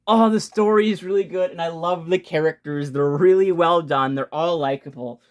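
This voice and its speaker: An excitable young man with a slightly high voice runs through his favorite video games on his channel. He talks fast, gets worked up, restarts his sentences and swears casually as he gushes. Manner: fast-talking with frequent restarts. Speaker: video game channel host. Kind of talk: casual game ranking vlog.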